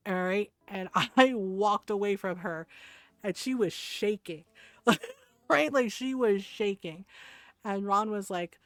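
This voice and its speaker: A woman's voice: mid-range voice, takes it slowly, dry recording. A woman streamer telling a story while gaming, swearing freely, laughing often and heatedly quoting herself. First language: Tagalog.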